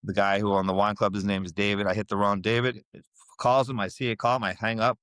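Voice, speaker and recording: A middle-aged man with a low voice tells his story in a relaxed interview. He slips into lively impressions of the people he quotes. The sound is close and dry. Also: fast, clear, resonant tone, no echo. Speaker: podcast guest.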